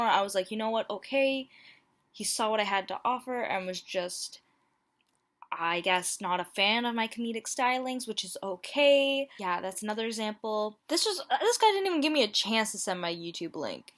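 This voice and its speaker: Bright, playful woman reading dating messages. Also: mid-range voice, lively intonation, normal speed. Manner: playful, self-mocking, reads messages aloud. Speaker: YouTuber. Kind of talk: casual vlog commentary. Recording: home mic, plain audio quality.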